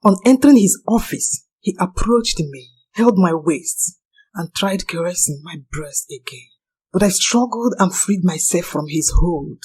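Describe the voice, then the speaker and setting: A woman's voice: fairly low pitch, expressive, measured pace, a little mellow, husky. A young woman narrating a personal confession in an earnest, anxious manner.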